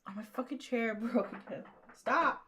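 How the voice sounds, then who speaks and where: A woman's voice: a little high, normal speed, pushed and bright, a little hiss or hum. A woman streamer reading bad fanfiction aloud, breaking off for mocking, profane asides.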